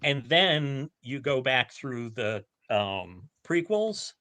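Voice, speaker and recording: A podcast co-host chats casually and animatedly about films and shows, restarting many times. His medium-pitched voice swings widely in pitch at a slow pace, a bit bright, with no room sound.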